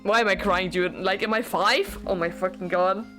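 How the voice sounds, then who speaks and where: A young woman who streams games, reacting to a visual novel on a first playthrough in an excitable, gushing way, swearing and laughing, with faint game music behind her. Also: mid-range voice, normal speed. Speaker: gaming streamer.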